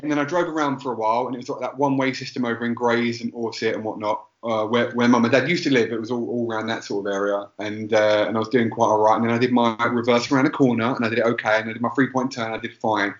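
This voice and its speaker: A man's voice: medium pitch, fairly even intonation, quick pace. Rambling man telling stories. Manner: rambling, self-deprecating, many restarts. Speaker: podcast co-host. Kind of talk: casual storytelling chat. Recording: roomy, dull lo-fi sound.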